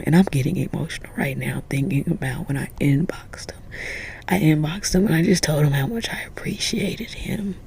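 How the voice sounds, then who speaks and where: A woman giving an emotional spiritual pep talk in a hushed, tender whisper, with casual swearing and a close mic. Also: low voice, moderate pace, gravelly, husky. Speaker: spiritual vlogger.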